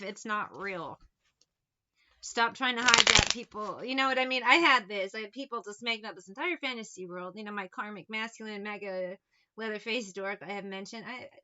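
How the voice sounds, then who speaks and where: A woman's voice: fairly high pitch, bright, forceful tone, muffled recording. A woman giving a casual tarot reading, blunt and sarcastic, swearing freely as she talks through the cards. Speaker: tarot reader.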